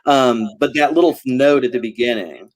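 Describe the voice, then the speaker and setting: Brief: male, mid pitch, rambling casual chat, laughs a lot, video-call mic. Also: moderate pace. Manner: rambling, laughs often, many fillers. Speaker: novelist guest.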